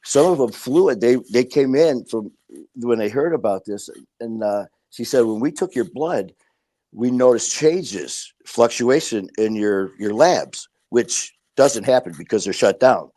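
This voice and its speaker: A warm, animated man with a medium-pitched voice takes his time as a podcast guest. Recounting his story in a casual, blunt way, he curses and acts out the lines people said to him.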